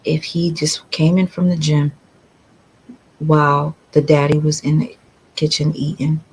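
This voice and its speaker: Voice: medium pitch, level tone, unhurried, darkish tone, slightly rough, rough recording. A co-host of a reaction commentary, questioning the clip skeptically.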